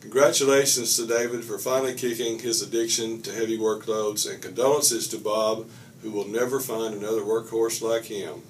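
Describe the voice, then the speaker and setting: A man's voice: on the low side, flat delivery, moderate pace, far from the mic, a little hiss or hum. A man giving a wry, teasing tribute to a retiring coworker. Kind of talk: short joking tribute.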